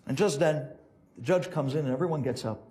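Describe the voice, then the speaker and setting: A man's voice: on the high side, brisk, mellow. A man telling a story dramatically as a Torah teacher in a lecture.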